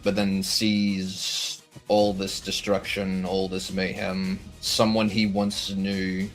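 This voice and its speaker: Tabletop player, a man, with a deep voice and halting phrasing, over faint music. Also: completely flat delivery, poor audio. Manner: halting, searching for words. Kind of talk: describing his character in a tabletop game.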